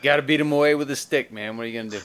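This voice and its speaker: A man co-hosting a casual podcast, cracking crude jokes in quick asides. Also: medium pitch, a bit bright.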